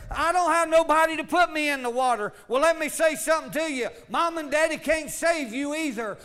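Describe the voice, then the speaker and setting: A man preaching a fervent sermon, swinging from loud calls to low asides. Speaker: pastor.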